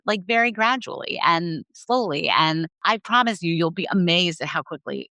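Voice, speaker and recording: A woman's voice: on the low side, expressive, moderate pace, few pauses, bright, forceful tone, dry recording. A woman sex therapist speaking frankly as a guest on an interview podcast, telling personal stories in a candid, open way.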